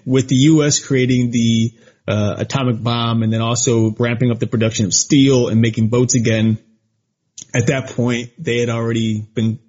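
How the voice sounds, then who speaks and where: A man's voice: medium pitch, a little mellow, slightly rough, dull audio. A man co-hosting a podcast, chatting casually in a rambling way, with lots of fillers and frequent laughs. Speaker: podcast co-host. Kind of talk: casual chat.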